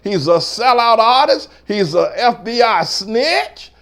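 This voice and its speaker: A man putting on the voice of a churchgoer who scolds him, pitched high and shouting accusations. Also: expressive, unhurried, vocal fry, exaggerated voice. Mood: outraged scolding.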